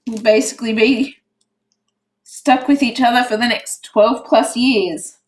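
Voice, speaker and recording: A woman hosting a casual crafts livestream, emotional and teary, repeating herself with excitement. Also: on the high side, unhurried, low-quality recording. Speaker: crafts channel host.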